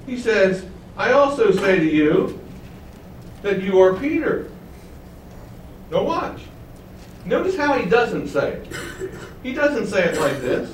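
A high-voiced man preaching a sermon in a roomy, echoing church, heard from a little way off the mic. He teaches with lively swings of pitch and volume and asks the congregation rhetorical questions. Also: unhurried, long pauses, distant mic, slight background noise. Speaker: pastor.

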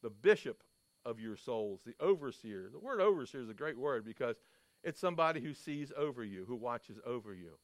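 A man's voice: medium pitch, sing-song, a little fast, no echo. A man preaching a sermon, telling stories and asking his listeners questions with emphasis. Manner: emphatic, storytelling, asks the audience questions.

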